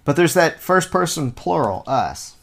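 A Bible teacher leads an informal study, reading passages aloud and then explaining them in a relaxed, conversational way, often thinking out loud. His voice is fairly high, measured in pace, with vocal fry.

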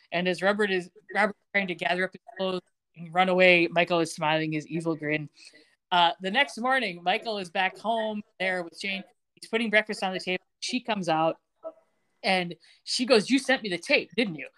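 A woman's voice: normal speed, fairly bright tone. A woman co-hosting a podcast, casually recapping a television episode and acting out the characters' lines with laughs. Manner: acts out characters' lines with shifting pitch, laughs often. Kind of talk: casual chat, animated plot retelling.

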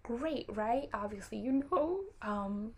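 A woman's voice: on the high side, slow, breathy edge. A young woman telling a personal story to camera in a casual, rambling way, drifting into tangents with apologetic, playful asides. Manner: chatty and animated, with playful asides. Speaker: vlogger.

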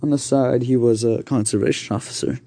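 A man telling an improvised horror story in a halting way, with slips and restarts. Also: mid-range voice, fairly even intonation, vocal fry, warm tone, dry recording.

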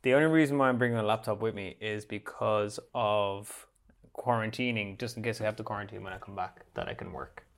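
A man's voice: lowish voice, fairly quick. A man chatting casually with friends about a cycling trip, joking and slipping into silly foreign-sounding voices. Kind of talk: casual chat among friends.

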